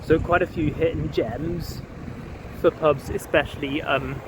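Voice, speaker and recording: A man's voice: fairly high pitch, fairly even intonation, measured pace. A man chatting casually in a travel vlog, upbeat and rambling, with lots of ums as he talks while walking around a city. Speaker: travel vlogger. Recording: street traffic noise behind.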